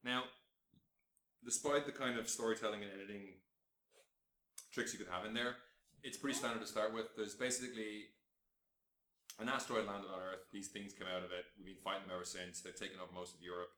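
A man talks films in a quick, casual rush, his voice bright and forward. He swears freely and jumps into acted-out bits of scenes. The sound is roomy, with an echo around him. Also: fairly low pitch, a little hiss or hum. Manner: animated, profane, acts out scenes in bursts. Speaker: film podcast host. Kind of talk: casual film review chat.

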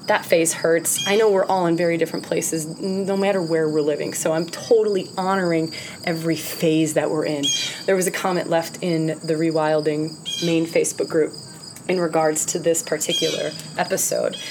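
A woman's voice: mid-range voice, noisy background. A woman from the United States hosting a spiritual podcast, talking in an impassioned, emphatic way and swearing freely. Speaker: podcast host.

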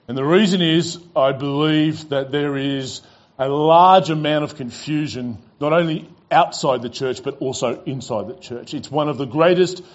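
A man's voice: fairly high pitch, normal speed, lo-fi sound. A man preaching a sermon as pastor, telling stories with casual fillers and repeated "he goes.".

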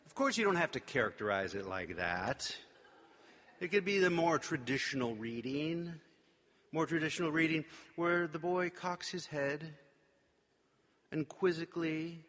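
A man's voice: on the high side, fairly bright tone. A male pastor giving a sermon in a conversational, wry way, with playful asides. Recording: long reverb of a large hall.

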